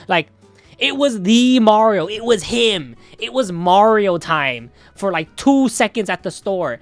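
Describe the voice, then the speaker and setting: Excitable man rambling through a story. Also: high voice, measured pace, no echo, soft background music. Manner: rambling, loud and excitable, swearing. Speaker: streamer. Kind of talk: casual storytelling while playing a game.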